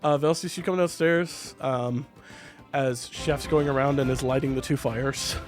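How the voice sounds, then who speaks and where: A man's voice: mid-range voice, steady tone, unhurried, over music. A man narrating a tabletop game as game master, in a loose, hesitant style.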